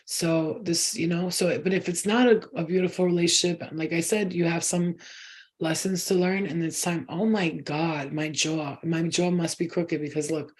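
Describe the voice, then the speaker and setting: A woman's voice: low voice, moderate pace, a little mellow. Chatty rambling woman giving a spiritual reading. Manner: rambling, chatty, swears casually. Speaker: spiritual reader. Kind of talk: casual channeled reading to viewers.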